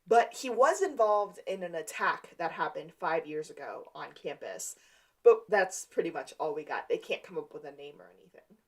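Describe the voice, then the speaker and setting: A woman co-hosting a rewatch podcast, walking through the plot in a relaxed, conversational way. She retells scenes by quoting the characters' lines as she goes. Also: low-pitched, normal speed. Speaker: podcast co-host. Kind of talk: casual recap chat.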